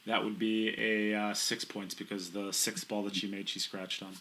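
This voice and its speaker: A man's voice: lowish voice, little pitch movement, moderate pace, sharp tone, slight background noise, poor audio. A man doing live pool commentary from a commentary booth, chatty and self-mocking, explaining the shots in detail.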